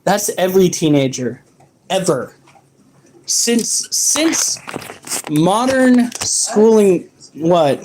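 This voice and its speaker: A man's voice: sits high, lively intonation, drawn-out words, pauses often, noisy background. A man chatting casually in a home vlog, sarcastic and grumbling, joking with his wife. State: panting after push-ups. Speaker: vlogger.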